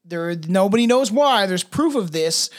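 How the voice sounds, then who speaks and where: A man's voice: high-pitched, lively intonation, normal speed. A young man co-hosting a casual podcast, rambling and crude with frequent laughs. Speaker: podcast co-host.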